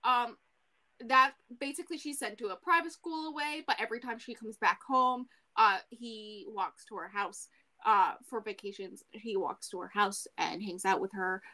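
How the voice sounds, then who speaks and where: A woman co-hosting a podcast, casually recapping a book in an animated way, full of fillers and the odd swear. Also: on the high side, moderate pace. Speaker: podcast co-host.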